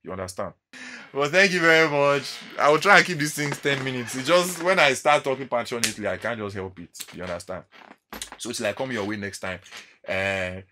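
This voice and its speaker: A man with a Nigerian accent chats straight to camera in a lower register, his tone bright and forceful. He tells stories in an animated way, slipping into the voices of the people he met. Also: slight background noise. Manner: animated storytelling, acting out encounters. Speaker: vlogger. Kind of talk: casual monologue to camera.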